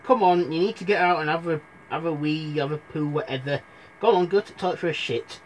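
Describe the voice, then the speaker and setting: A man's voice: on the high side, a little fast, a little hiss or hum, natural voice. A man voicing a sarcastic, complaining young girl in a comic storybook retelling, in a raised, whiny voice. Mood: bossy.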